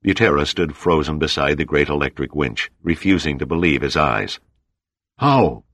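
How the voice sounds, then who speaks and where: An audiobook narrator with an extremely deep, low voice reads a novel in a steady, measured manner. The scripted narration is recorded dry and close with no room sound whatsoever.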